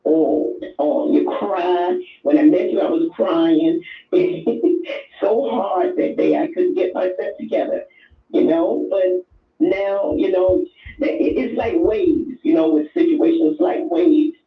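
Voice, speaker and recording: A woman's voice: on the low side, animated, slow, distant mic, faint music behind. An older woman calling in to a show, talking with effusive emotion and repeating herself. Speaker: caller. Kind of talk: call-in chat. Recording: echoey tinny phone line.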